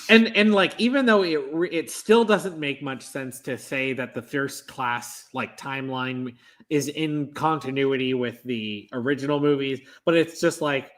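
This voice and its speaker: A man's voice: mid-range voice, unhurried, fairly bright tone. A man co-hosting a casual chat stream, easygoing and chiming in with short agreeing remarks. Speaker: stream co-host.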